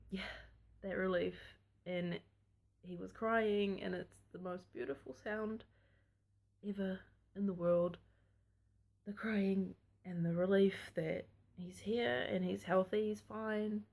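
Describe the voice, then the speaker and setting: A young woman telling a personal story to camera in a casual vlog, candid and chatty and frank about intimate details. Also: medium pitch. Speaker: vlogger telling her birth story.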